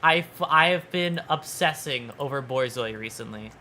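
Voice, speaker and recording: A woman streamer chatting casually on a livestream, quiet and soft-spoken, playful, with halting restarts, at a home desk mic. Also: rumbling low, animated. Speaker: VTuber streamer. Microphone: desk microphone.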